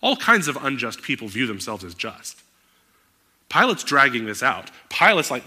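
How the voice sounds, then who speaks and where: A male pastor delivering a sermon with a bright, edgy tone. He talks animatedly and climbs into loud, emphatic outbursts. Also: medium pitch, big pitch swings, moderate pace.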